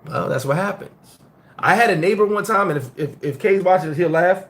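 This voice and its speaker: A middle-aged American-raised man hosts a casual live-stream chat, his voice high and fairly quick. He tells stories bluntly and animatedly, with plenty of profanity.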